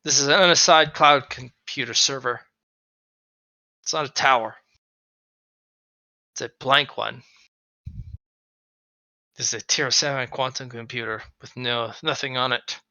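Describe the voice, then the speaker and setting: A man's voice: mid-range voice, unhurried, pauses often, no room sound, poor audio. A man running a tabletop game as game master, narrating and swearing freely. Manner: animated, swearing, shouts out players' lines.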